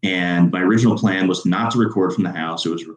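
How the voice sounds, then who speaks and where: A man from Chicago with a very deep voice hosts a podcast in easy, rambling chat. His voice carries a noticeable echo from the room. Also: fast talker. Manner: rambling, many fillers and restarts. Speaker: podcast host.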